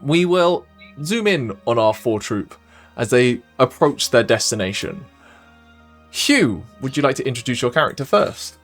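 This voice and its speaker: A man with a Welsh accent, narrating a tabletop game as game master in a measured storytelling way. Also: mid-range voice, very animated, soft background music. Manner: measured storyteller, casual asides.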